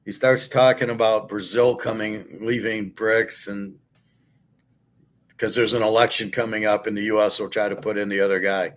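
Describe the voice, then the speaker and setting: Middle-aged male host, low-pitched, blunt and foul-mouthed, scornful rant delivery. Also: flat delivery, normal speed. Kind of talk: ranting commentary.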